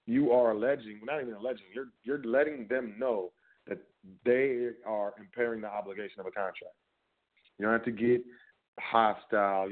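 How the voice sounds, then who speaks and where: Emphatic man over phone-like audio. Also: medium pitch. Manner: conversational and emphatic, with repeated filler phrases. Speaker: podcast host. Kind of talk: casual instructional talk. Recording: phone-like narrow band audio.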